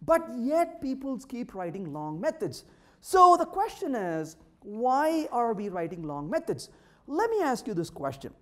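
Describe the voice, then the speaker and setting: A man speaking to a live audience at a meetup, his voice leaping up and down with lively, sing-song pitch. He teases the crowd with wry jokes and keeps firing questions at them. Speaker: conference speaker. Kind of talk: humorous technical talk to a live audience. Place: meetup room.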